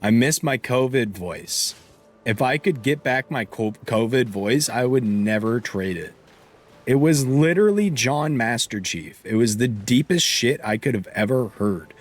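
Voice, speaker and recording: A man's voice: mid-range voice, expressive, measured pace. A young man streaming a game live, chatting casually and rambling, breaking off mid-sentence and laughing often, with hiccups. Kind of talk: casual live-stream chat while gaming.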